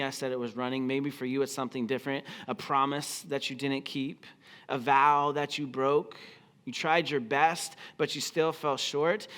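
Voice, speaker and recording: A man's voice: medium pitch, a bit bright, clean tone. A man preaching a sermon as pastor, telling the story expressively and acting out the quoted lines. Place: church auditorium.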